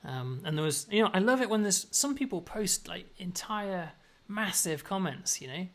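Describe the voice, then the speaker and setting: A game designer chats casually about his prototypes in a dry, self-deprecating way. He is a man with a bright, forceful tone and a slightly high voice. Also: animated, normal speed. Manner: dry, self-mocking, wry. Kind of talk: casual chat.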